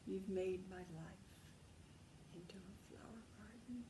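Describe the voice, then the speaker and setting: A woman's voice: medium pitch, measured pace, noisy background. An older woman telling a personal life story in an intimate, emotional way, calling the listener darling and sometimes dropping to a whisper. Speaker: memoir storyteller.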